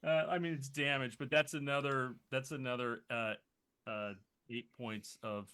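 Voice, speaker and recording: Brief: tabletop player, man, mid pitch, bright voice, casual and wry. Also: steady tone, moderate pace, smooth. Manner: chatty, self-mocking about dice. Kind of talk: casual chat at a tabletop game.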